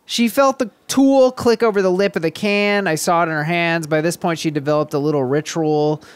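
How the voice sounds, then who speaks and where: A man's voice: fairly high pitch, fairly quick, clear, resonant tone, dry recording. A man hosting a podcast, reading a long post aloud and breaking off into riled-up, incredulous rants about it. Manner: gets riled up, loud incredulous outbursts. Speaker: podcast host.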